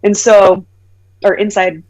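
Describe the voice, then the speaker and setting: A woman in her thirties, a podcast guest, telling a personal story in conversation, animated, acting out the voices of the people she quotes, with many "like" fillers. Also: medium pitch, takes it slowly, muffled recording. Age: 30s.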